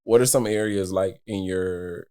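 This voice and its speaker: A male podcast host with a very low voice. He chats in a laid-back manner, encouraging and drawing out his guest. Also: measured pace, dark tone, clear, resonant tone. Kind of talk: casual interview chat.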